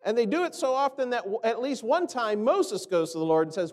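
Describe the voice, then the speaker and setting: Guy preaching, pretty high voice, chatty, acts out the quotes, big echoey hall. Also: lively intonation, brisk, hardly any pauses. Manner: conversational preaching, acts out quoted complaints, rhetorical questions. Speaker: pastor. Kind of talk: sermon.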